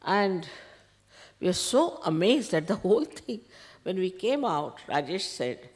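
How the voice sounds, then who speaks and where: Older woman, low voice with a lively melody, spiritual teacher recounting an anecdote. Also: measured pace. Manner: animated anecdote, quoting others in dialogue, soft laughs. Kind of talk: storytelling talk to followers.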